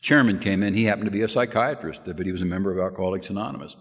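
Casting: man with a lowish voice, folksy, joking speaker at a meeting, reverberant hall. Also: rapid-fire. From Kentucky, USA. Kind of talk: humorous storytelling talk.

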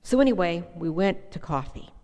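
A woman's voice: on the low side, expressive, moderate pace, a little mellow. A woman giving an emotional, earnest personal testimony from a podium at a meeting. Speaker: speaker sharing her recovery story at a meeting. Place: hall with a podium. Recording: long hall reverb.

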